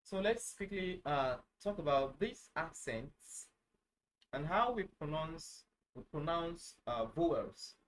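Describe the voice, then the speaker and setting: A man teaching a casual online lesson, halting, with many fillers, who says each phrase over and over. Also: a little high, expressive, slight background noise, poor audio. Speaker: language teacher.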